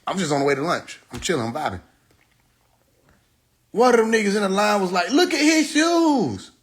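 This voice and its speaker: A young man with a husky, slightly high voice, rambling on a phone livestream. He tells stories animatedly, jumping into the voices of the people he quotes. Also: fairly quick. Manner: animated storytelling, acts out quoted people, laughs. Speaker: live stream host. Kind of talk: casual livestream monologue.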